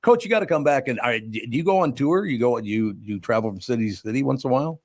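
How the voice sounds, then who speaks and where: A man's voice: mid-range voice, lively intonation, quick pace, a little mellow, no room sound, clean studio sound. An older man from Minnesota hosting a radio talk show, chatting and telling rambling stories with many restarts. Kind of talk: casual interview chat.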